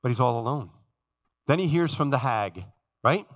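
A male pastor with a medium-pitched, expressive voice preaches at a moderate pace to his congregation. He tells Bible stories, acts out the lines of biblical figures, and often addresses and checks in with the church directly.

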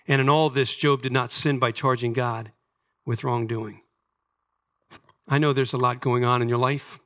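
A middle-aged male pastor delivering a sermon with a bright, clear voice. His preaching is earnest and conversational, and he reads scripture passages aloud. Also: mid-range voice, fairly even intonation, normal speed, pauses often.

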